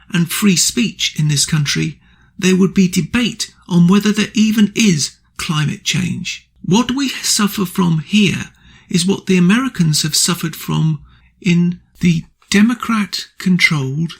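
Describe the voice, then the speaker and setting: A man's voice: high voice, gravelly, slightly rough. A man hosting a radio show, delivering an angry political opinion monologue full of indignant, blunt insults.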